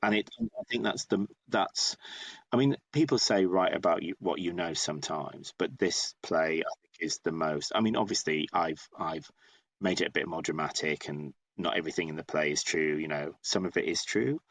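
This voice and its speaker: Very low-voiced chatty man. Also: normal speed, no echo. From northeast England. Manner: animated, chatty, many restarts. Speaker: guest playwright. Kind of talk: casual storytelling interview.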